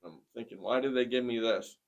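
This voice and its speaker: A man in his forties giving a personal testimony in conversation, plainspoken and earnest, with many pauses. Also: medium pitch, dull audio. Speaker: interviewee sharing a testimony.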